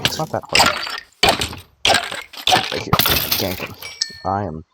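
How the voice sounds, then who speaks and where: A man's voice: low-pitched, normal speed, pauses often. An eighteen-year-old man rambling through late-night gameplay commentary, tired and groggy from allergy pills, with drowsy joking asides. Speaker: gaming channel host. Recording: clicking noise over the voice.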